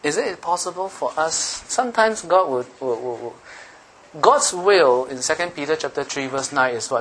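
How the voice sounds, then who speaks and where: Bright-voiced teasing male preacher. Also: fairly high pitch, lively intonation, normal speed, a little hiss or hum. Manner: playful, teasing, checks in with the congregation often. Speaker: pastor. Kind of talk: sermon.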